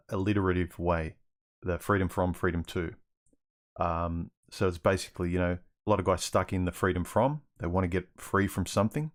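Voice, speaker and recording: Deep-voiced man hosting a casual stream. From Australia. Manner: rambling, restarts often, reads chat questions aloud. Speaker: livestream host answering viewer questions. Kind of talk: casual livestream Q&A.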